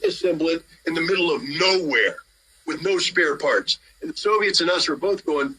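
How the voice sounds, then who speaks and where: A middle-aged man telling a long anecdote in a lively way, acting out the lines of the people in it. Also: a little high, normal speed, slightly rough, rough recording. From United States. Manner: lively, acts out dialogue with shifting voices. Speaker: guest telling a story. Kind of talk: animated anecdotal storytelling.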